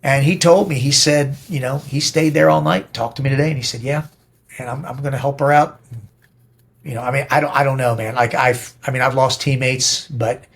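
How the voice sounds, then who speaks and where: A man's voice: medium pitch, steady tone, fairly quick. Blunt, profane man telling stories. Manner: blunt, profane, emphatic storytelling. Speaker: podcast guest. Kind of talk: casual interview talk.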